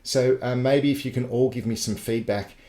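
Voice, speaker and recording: A man's voice: medium pitch, fairly even intonation, moderate pace, warm tone. A man running a live tech tutorial webinar, explaining things step by step in a chatty way. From Australia. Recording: echoey live broadcast.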